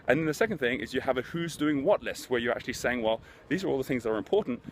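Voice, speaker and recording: A man's voice: medium pitch, lively intonation, racing, background noise. A middle-aged man hosting a motivational business talk, telling stories in an earnest, conversational way. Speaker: host, business speaker.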